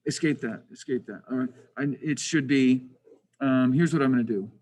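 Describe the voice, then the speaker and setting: A man's voice: mid-range voice, normal speed, darkish tone, slight background noise, rough recording. A man teaching a screen-recorded drafting lesson, thinking aloud with lots of restarts, self-questions and grumbling asides. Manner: frustrated, self-deprecating asides.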